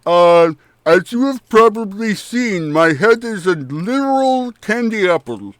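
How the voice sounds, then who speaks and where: A man's voice: sits high, sing-song, a little slow, no room sound, pitched above the performer's own voice. A man voicing a distracted, chatty candy-apple-headed man who talks as if his mouth is full. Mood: chatty resigned. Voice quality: mushy, as if talking with a full mouth. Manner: rambling, cheerfully resigned.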